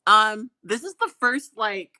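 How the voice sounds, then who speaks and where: A woman's voice: medium pitch, animated, takes it slowly, bright, forceful tone, no room sound. A woman hosting a live call-in podcast stream, chatting casually and playfully with many fillers and restarts. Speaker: podcast host.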